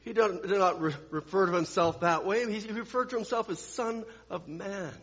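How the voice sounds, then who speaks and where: A man preaching a sermon, swinging from loud, emphatic lines to hushed ones and repeating phrases for emphasis. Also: sits high, moderate pace, few pauses. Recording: dull long-reverb hall sound.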